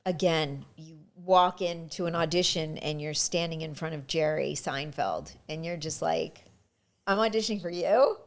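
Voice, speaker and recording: An actress telling lively stories about her auditions and career in a casual interview. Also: low-pitched, measured pace, few pauses. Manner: lively anecdotal, frequent restarts. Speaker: actress guest.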